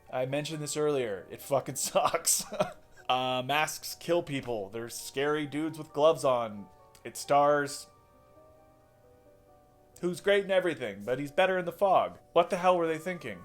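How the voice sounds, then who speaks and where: A man's voice: fairly high pitch, expressive, a little slow, faint music behind. A man casually reviewing horror movies, rambling, swearing and correcting himself as he goes. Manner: rambling, profane, self-correcting.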